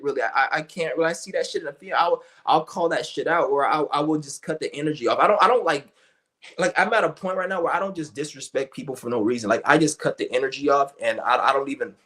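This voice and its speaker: A man's voice: mid-range voice, fairly bright tone. A young man talking in a blunt, profane, rambling rant, full of restarts and fillers. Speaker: streamer. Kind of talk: ranting monologue.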